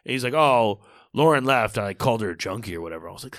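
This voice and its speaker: A man's voice: medium pitch, lively intonation, fast, no room sound, studio quality. A man telling a rambling story in casual podcast chat, full of fillers and swearing. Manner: rambling, lots of likes and swearing.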